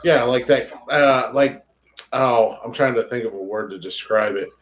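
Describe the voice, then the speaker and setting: Podcast co-host, man, mid-pitched, blunt and opinionated, swears a lot. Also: normal speed, dull audio. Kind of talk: casual chat.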